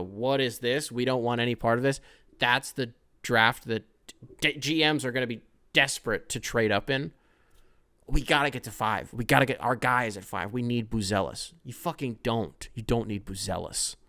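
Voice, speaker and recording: A young man talks through a casual solo podcast in a rambling, profane way, breaking into sudden loud outbursts. His voice sits at an ordinary middle pitch for a man. The sound is close and dry. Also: no echo. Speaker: podcast host.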